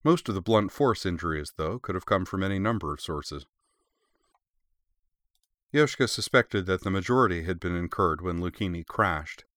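Man, deep voice, dry sound, steady scripted narration, measured reading. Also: no room sound. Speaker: audiobook narrator.

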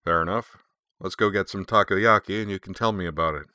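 Audiobook: man reading a laconic, cigar-chomping tough guy, low and forceful. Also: fairly quick, no echo. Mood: dry. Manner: dry, laconic drawl. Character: dry, wry cigar-smoking middle-aged man.

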